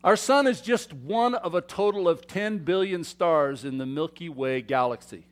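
A man preaching a sermon to his congregation, swinging between loud emphatic declarations and quiet asides, often asking them questions. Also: fairly high pitch, normal speed. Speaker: pastor. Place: church sanctuary.

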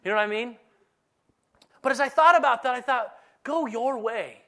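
A man preaching a sermon in a conversational, animated way, now and then dropping to a soft, low delivery. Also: a little fast, gravelly, smooth. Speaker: pastor.

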